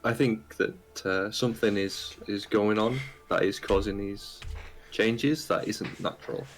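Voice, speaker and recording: A man playing his character in a tabletop game, speaking in a slow, thoughtful way. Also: lowish voice, steady tone, soft background music, low-quality recording. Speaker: player. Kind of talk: casual tabletop play.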